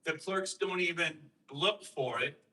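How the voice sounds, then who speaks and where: A man talking to a host, explaining and telling a story with emphatic rhetorical questions and lively quoted voices. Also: on the high side, unhurried, distant mic, rough recording. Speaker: guest speaker on election systems.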